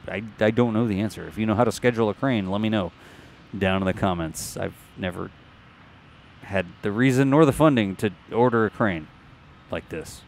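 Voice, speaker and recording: A man's voice: fairly low pitch, normal speed, vocal fry, a little hiss or hum. A man hosting a show, narrating launch site footage in a casual, jokey, think-aloud voice-over.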